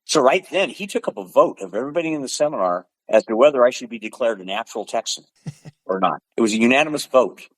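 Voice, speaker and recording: An older man in his seventies spins animated anecdotes as a podcast guest, throwing in bursts of sound effects. He is from the Pacific Northwest, and his voice sits at a middle pitch. The sound is dry and close. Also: quick pace, dry recording, poor audio. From Pacific Northwest, USA. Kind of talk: storytelling in conversation.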